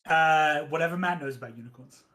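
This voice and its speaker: A game master running a one-on-one tabletop game, talking hesitantly with many pauses and fillers. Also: medium pitch, a bit bright, rough recording. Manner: hesitant, many ums, counts aloud.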